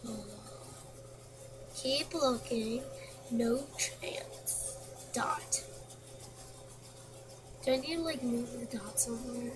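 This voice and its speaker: A woman playing a quiz game on her computer, reading the questions and answers aloud and mumbling to herself. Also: on the high side. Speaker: gameplay commentator. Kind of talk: casual gameplay commentary. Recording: noisy home recording.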